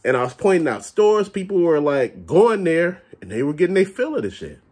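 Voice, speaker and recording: Man, casual profane rant, blunt, lively pitch, slightly raised voice, husky. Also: fairly quick. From Chicago area. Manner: animated, blunt, curses often. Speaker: vlogger ranting about stores.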